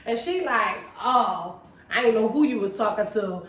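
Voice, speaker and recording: A woman co-hosting a couple's channel, telling a story in a playful, lively, slangy way. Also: a little high, normal speed. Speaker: co-host. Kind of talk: casual storytelling. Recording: echoey room, far from the mic.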